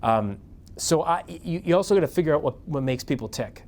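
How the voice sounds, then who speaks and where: A middle-aged news anchor spins career anecdotes for a live audience. He speaks casually and with lots of energy, jumping up in pitch when he acts out the people he quotes. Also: lively intonation, brisk, darkish tone. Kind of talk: casual storytelling talk to an audience.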